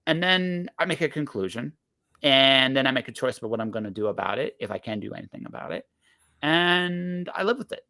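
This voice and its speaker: A man's voice: mid-range voice, animated, fairly quick, sharp tone. Blunt, emphatic man in his forties. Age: 40s. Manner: emphatic and blunt, swears freely, frequent self-interruptions. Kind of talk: casual podcast conversation.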